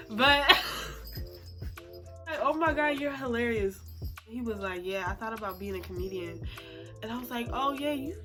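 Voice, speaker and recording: A woman in her twenties telling a personal story to camera in a chatty way, with lots of "like" fillers and laughs at herself. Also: medium pitch. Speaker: storytime vlogger. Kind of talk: casual storytelling. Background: background music.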